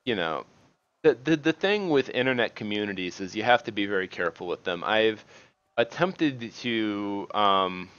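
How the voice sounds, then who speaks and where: A man giving casual, rambling commentary while playing a game, halting and restarting often and swearing at the game now and then. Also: lowish voice, lively intonation, a bit bright, smooth, no echo, muffled recording. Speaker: gaming video host.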